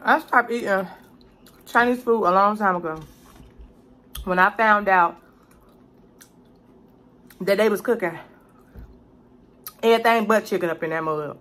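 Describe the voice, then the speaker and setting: A woman's voice: medium pitch, measured pace, long pauses. A woman doing a casual mukbang as a cooking vlogger, profane and chatty, calling the viewer "baby". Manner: loud, salty and profane, talks to the viewer as "baby". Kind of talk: casual mukbang eating commentary.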